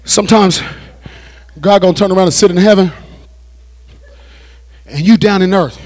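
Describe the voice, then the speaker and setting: High-voiced male pastor preaching. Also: moderate pace. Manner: preaching with repetition, building to shouted climaxes. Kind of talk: sermon at a Bible study. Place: church.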